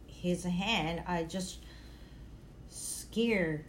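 A woman playing her character in a tabletop role-play, speaking hesitantly and haltingly in character. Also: lowish voice, a little mellow, a little hiss or hum. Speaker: player.

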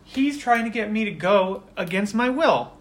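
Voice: mid-range voice, expressive, normal speed, pitched above the performer's own voice, lightly acted. A game master voicing a foul-mouthed, angry young woman who snaps and swears at the people around her. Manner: sharp, swearing.

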